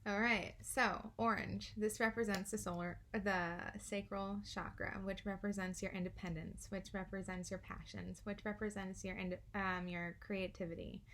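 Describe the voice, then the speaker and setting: A young woman talking through a casual card reading, chatty and giggly, dropping swear words with ease. Her pitch sits in a middle range. Faint noise runs under the recording. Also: flat delivery, normal speed, hardly any pauses, fairly bright tone. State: out of breath. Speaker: tarot card reader.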